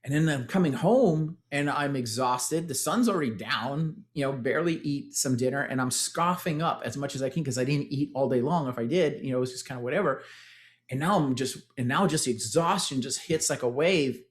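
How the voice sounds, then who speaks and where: Speaking in a brisk, mid-range voice, a former tech executive in his forties shares his fitness story. He has a Texan accent, tells it with energy as a motivational testimonial, and keeps calling the audience "guys."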